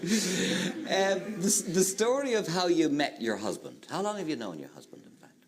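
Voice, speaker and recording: A man's voice: high-pitched, very animated, moderate pace. A man hosting a television talk show, coaxing and teasing his guest as he asks questions. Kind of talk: TV interview. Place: TV studio.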